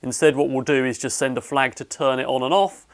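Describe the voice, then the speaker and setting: A man casually narrating a technical robot build, explaining each step in a relaxed way with some fillers. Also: mid-range voice, fairly quick.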